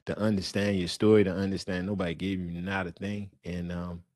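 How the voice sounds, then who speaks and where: A middle-aged man hosts a casual interview in an easygoing, encouraging way and laughs often. His voice sits low, and the sound is dry and close. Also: little pitch movement, brisk, darkish tone, no room sound. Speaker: show host.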